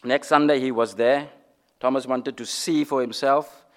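A man preaching a sermon, swinging from loud declarations to hushed, almost whispered lines and repeating phrases for emphasis. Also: mid-range voice, steady tone, normal speed.

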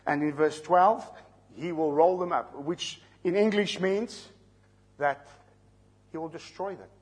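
A South African man preaches an expository sermon, working through scripture verse by verse, explaining terms and putting questions to his listeners. His voice is a little high and breathy at the edges, and he is in no hurry.

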